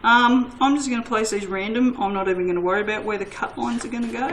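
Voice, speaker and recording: A woman's voice: on the high side, steady tone, fast, fairly bright tone, slight background noise, low-quality recording. A woman who hosts a soap-making channel and chats casually and self-mockingly to her viewers while she crafts, laughing often.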